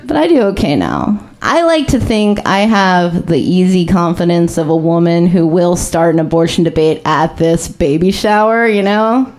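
Offhand woman comic, low voice. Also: lively intonation, moderate pace, hardly any pauses, a little mellow. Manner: self-deprecating, offhand. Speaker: stand-up comic. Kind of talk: stand-up comedy set. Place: comedy club stage.

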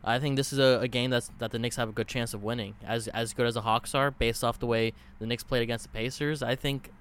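A man co-hosting a sports podcast in casual, halting chat, with many fillers and restarts. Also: medium pitch, fairly even intonation, a bit bright, a little hiss or hum. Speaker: podcast co-host.

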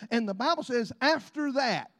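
A middle-aged man preaches in a notably high voice, spinning folksy stories and calling out amens. His words ring with long reverb through a large church. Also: animated, normal speed, fairly bright tone. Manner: folksy storytelling with frequent amens and laughs. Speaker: pastor. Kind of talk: sermon.

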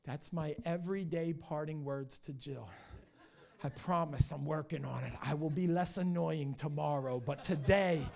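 Middle-aged male pastor, high voice, energetic, jokey sermon delivery. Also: moderate pace, vocal fry. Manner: energetic, joking and animated storytelling.

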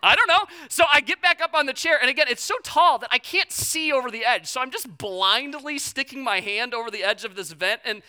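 A young man preaching, a pastor telling a personal story in a blunt, animated way. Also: extremely high pitch, fairly quick, few pauses, clean tone.

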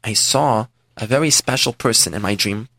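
A man performs a heavily acted role as an older, repentant rich man and former priest, confessing his past in an earnest, plain first-person telling. His voice is pushed down to a fairly low pitch, sharp with a breathy edge, at normal speed. The recording is clean studio sound with no room sound.

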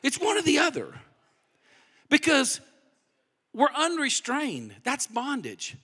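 A man preaching a sermon in a lively, animated way, dropping to hushed emphasis at times. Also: very high-pitched, takes it slowly. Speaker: pastor. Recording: long hall reverb.

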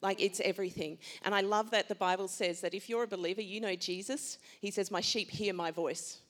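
A woman's voice: mid-range voice, steady tone, fairly quick. A middle-aged woman who is a panel guest, speaking earnestly and fervently about faith. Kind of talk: faith talk.

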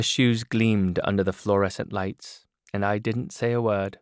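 A man narrating a novel in a measured first-person reading. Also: fairly low pitch, steady tone, clean tone, no echo. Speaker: audiobook narrator. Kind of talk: scripted narration. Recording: dry studio booth.

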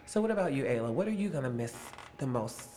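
A man's voice: medium pitch, sing-song, fast, warm tone, a little hiss or hum. Upbeat playful man in his late twenties. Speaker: actor interviewing young castmates. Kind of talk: casual backstage interview.

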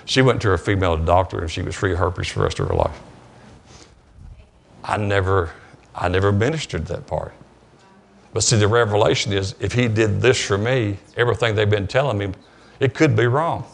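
A man's voice: lowish voice, vocal fry. A man with a Southern US accent preaching a sermon in church, telling a story with many restarts and repeated words. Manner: halting, repeats words, retells dialogue. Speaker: pastor. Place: church sanctuary.

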